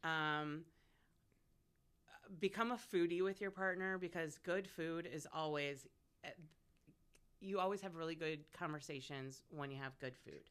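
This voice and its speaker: A woman in her forties, a radio host appearing as a guest, chats casually in a low, smooth voice, unhurried and pausing often. She is a lively storyteller, telling frank, profane tales and laughing often.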